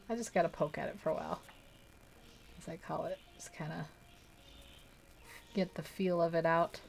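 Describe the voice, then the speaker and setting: A woman's voice: low-pitched, steady tone, moderate pace, creaky, long pauses, a little hiss or hum. A young woman hosting a live art stream, chatting casually and rambling while she paints, laughing often and poking fun at herself. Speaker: art livestream host.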